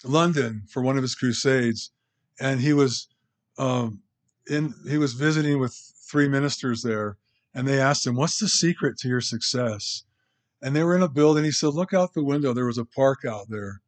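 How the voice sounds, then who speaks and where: A pastor preaching a conversational sermon, rambling with restarts and asides to the congregation. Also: male voice, medium pitch, normal speed.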